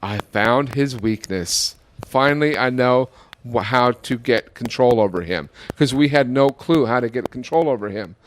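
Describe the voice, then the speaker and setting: An older man tells a family story on a podcast. He rambles and restarts his sentences as he goes. His voice sits at an ordinary middle pitch. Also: normal speed, slight background noise. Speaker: father telling a family story. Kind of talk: casual podcast chat.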